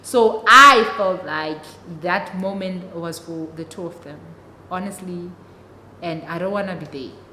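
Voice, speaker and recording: Chatty South African woman, bright echoey voice. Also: on the low side, measured pace. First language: isiXhosa. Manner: chatty, dramatic storyteller addressing viewers. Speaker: vlogger. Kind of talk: story time vlog. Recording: echoey room, long reverb, faint noise.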